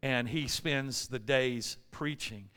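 A man's voice: medium pitch, slow, sharp tone, smooth. A man preaching a casual, joking sermon in a church, acting out prayers, with fillers along the way. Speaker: pastor. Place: church sanctuary. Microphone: amplified microphone, loud in the room.

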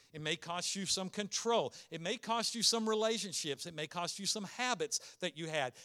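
A man preaching a sermon as a pastor, earnest and emphatic, asking many rhetorical questions and slowing down to stress key words. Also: sits high, bright, forceful tone, smooth.

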